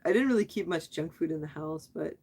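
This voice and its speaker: A woman's voice: low voice, lively intonation, quick pace, darkish tone, breathy edge. A middle-aged woman hosting a casual livestream, chatting with viewers and reading their comments aloud, asking questions back and laughing often. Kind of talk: casual live chat.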